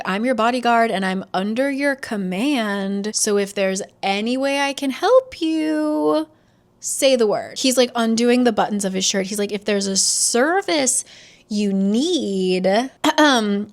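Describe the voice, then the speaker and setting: A woman's voice: on the high side, measured pace. A woman casually recapping a romance novel, sarcastic and full of "like", quoting the characters in mock voices. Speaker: book reviewer.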